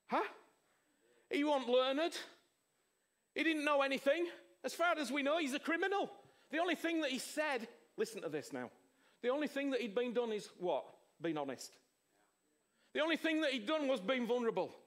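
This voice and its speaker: A man preaching a sermon, emphatic, with rhetorical questions, swinging from loud exclamations to hushed words. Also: extremely high pitch, sing-song, moderate pace, pauses often.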